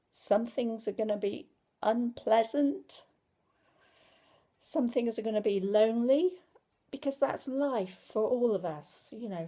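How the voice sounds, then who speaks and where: A woman calmly explaining to parents why babies cry, in a gentle, reassuring, conversational way. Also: on the high side. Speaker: parenting educator. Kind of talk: informal talk to camera.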